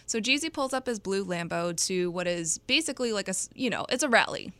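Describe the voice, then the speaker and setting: A woman co-hosting a podcast, explaining and telling stories in a casual, animated way. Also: mid-range voice, a little fast, smooth, no echo. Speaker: podcast co-host. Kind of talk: casual music discussion.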